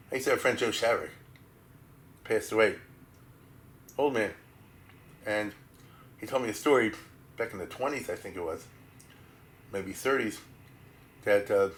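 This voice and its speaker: A man lectures as a rabbi in a casual, conversational way, using Hebrew and Yiddish terms freely. His voice sits at a middle pitch but swings widely, rising sharply when he acts out quoted speech. He keeps checking in with "right?" and "you follow?". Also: slight background noise. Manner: animated, asks listeners "right?" and "you follow?" often.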